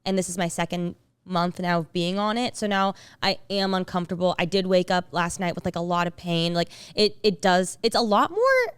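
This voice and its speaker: A young woman chats on her podcast in a loose, rambling way, packing her sentences with "like" and restarting them. Her voice is smooth and clear. It sits close and dry on the mic. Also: fairly low pitch, expressive, normal speed, hardly any pauses, no room sound. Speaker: podcast co-host. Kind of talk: casual chat.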